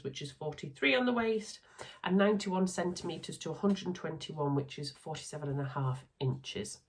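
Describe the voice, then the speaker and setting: Low-voiced Yorkshire woman chatting. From Yorkshire, England. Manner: chatty, upbeat, talks through sewing makes with asides. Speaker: sewing vlogger. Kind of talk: casual chat.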